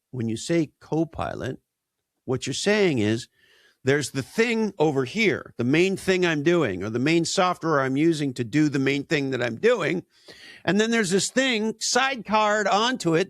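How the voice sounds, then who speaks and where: A man's voice: fairly high pitch, no room sound, studio quality. A man speaking as an interview guest, emphatic and punchy, tossing out rhetorical questions. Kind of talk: conversational interview.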